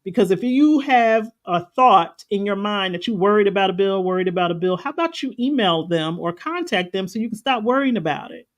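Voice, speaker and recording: A woman's voice: mid-range voice, lively intonation, brisk, few pauses. A woman spiritual coach giving an earnest, folksy, conversational talk on a live stream. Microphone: live stream setup.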